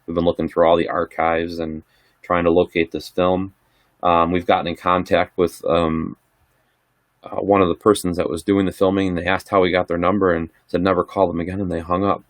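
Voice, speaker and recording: A man's voice: deep voice, little pitch movement, a little fast, no room sound, clean studio sound. A middle-aged man casually chatting on a livestream, answering viewer questions in a rambling, laid-back way. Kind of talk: casual live chat.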